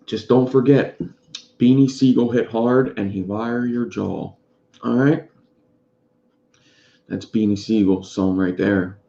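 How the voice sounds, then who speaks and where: Gravelly lo-fi man rambling on a stream. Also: fairly low pitch, a little mellow. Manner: rambling, greets chat by name. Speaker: vape reviewer streaming live. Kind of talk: casual live-stream chat. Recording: dull lo-fi sound in an echoey room.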